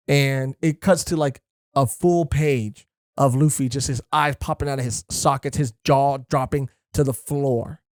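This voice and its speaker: Guy cohosting a podcast, gets hyped and swears a lot, rambles w fillers, medium pitch, dry close sound. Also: measured pace, dry recording. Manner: excitable, profane, rambling with many fillers. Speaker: podcast co-host. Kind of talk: casual chat.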